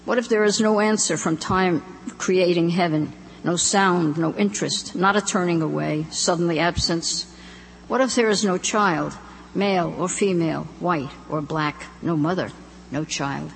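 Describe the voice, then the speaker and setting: A woman author giving a live reading of her poetry and prose, measured and reflective. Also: on the low side, creaky. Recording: echoey hall, faint hum.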